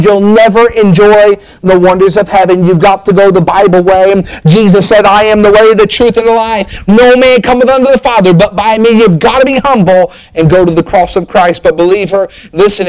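A man's voice: sits high, low-quality recording. A man preaching a sermon, telling a story with an emphatic, rising and falling preaching cadence.

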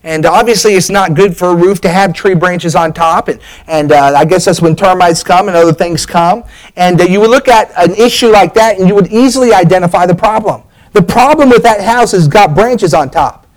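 A man's voice: sits high, a little fast, poor audio. A pastor, a man, preaching a sermon with emphatic bursts, frequent restarts and direct appeals to the congregation.

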